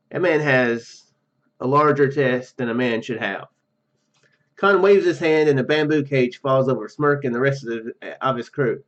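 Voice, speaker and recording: The muffled, dull recording carries faint game music as a let's play gamer reads a text adventure aloud. He has a medium-pitched voice at a normal pace, restarting now and then, making jokey asides and laughing easily.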